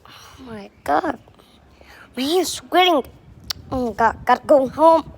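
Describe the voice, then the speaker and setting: A woman narrating a playful toy role-play, excitable and exclaiming. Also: high-pitched, gravelly, a little hiss or hum. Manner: excitable, exclaiming, drawn-out words. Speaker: video maker playing with toys.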